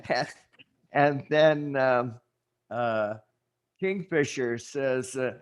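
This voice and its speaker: A man hosting a casual livestream chat, rambling and halting with many fillers. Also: mid-range voice, clean tone. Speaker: show host.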